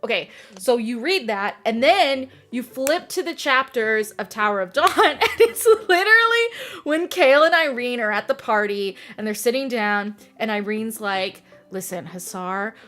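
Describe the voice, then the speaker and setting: A young adult woman hosting a casual book podcast. She talks in an animated way, laughs often and acts out scenes as she tells them. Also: fairly high pitch, normal speed. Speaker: podcast host. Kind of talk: casual chat about books.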